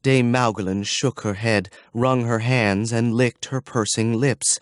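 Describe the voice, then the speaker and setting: A man reading a fantasy audiobook in a measured storytelling manner. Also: mid-range voice, fairly even intonation, no room sound, studio quality. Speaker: audiobook narrator. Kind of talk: scripted audiobook narration.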